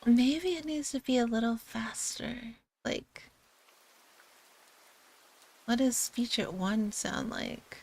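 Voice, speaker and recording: Woman streamer, casual chat, unhurried and giggly, slightly high voice. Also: darkish tone, rough recording. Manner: giggly, chatty, easygoing.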